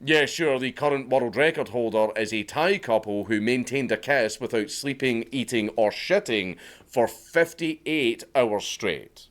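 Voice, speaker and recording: A man with a Scottish accent delivering sarcastic, profane commentary in a mocking deadpan way. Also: mid-range voice, measured pace. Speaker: video commentator. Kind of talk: sardonic scripted commentary.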